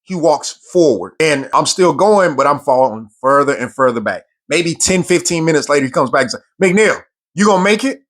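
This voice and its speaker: A man's voice: fairly high pitch, expressive, fairly quick, hardly any pauses, fairly bright tone. A man, a military veteran, telling a personal story in an earnest, emphatic way, often repeating words for stress.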